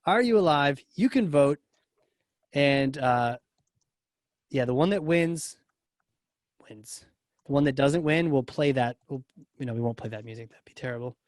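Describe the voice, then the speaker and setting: A man hosting a live podcast, relaxed and joking with his guest and the audience. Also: mid-range voice, a little slow, long pauses, dry recording, clean studio sound. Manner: relaxed and joking, lots of short agreements. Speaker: podcast host. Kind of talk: casual live show hosting.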